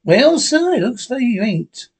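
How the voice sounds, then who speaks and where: A man voicing an excitable, flustered young sidekick with a high, folksy twang. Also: a little slow, vocal fry, husky, full character voice. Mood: cheerful.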